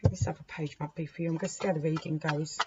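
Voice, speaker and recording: A woman's voice: deep voice, steady tone, very fast. A woman giving a casual, rambling tarot reading to her viewers, chatting to the cards as she deals them. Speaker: tarot reader. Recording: dull lo-fi recording with faint hiss.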